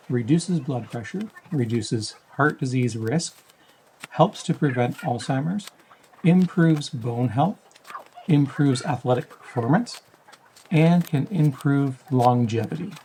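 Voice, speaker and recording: Man reading a calm voice-over. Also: mid-range voice, slight background noise, low-quality recording. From Canada. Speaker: backyard farming channel host. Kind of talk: scripted voice-over narration.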